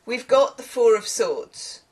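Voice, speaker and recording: A woman giving a casual, rambling tarot reading, chatting with animated asides. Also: a little high, slow, slight background noise. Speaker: tarot reader.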